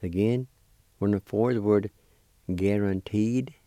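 A man leads a weekly language lesson at an unhurried, very slow pace, spelling and pronouncing each word piece by piece. His voice sits low and mellow. The sound is dry and close, with no room around it. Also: steady tone, dry recording. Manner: deliberate, spells and sounds out words syllable by syllable. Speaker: language teacher.

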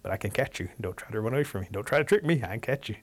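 A man's voice: fairly low pitch, animated, racing. A man voicing a hungry, blunt wildcat in a told folktale. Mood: gruff. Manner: blunt and demanding. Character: hungry gruff male wildcat. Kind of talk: oral storytelling.

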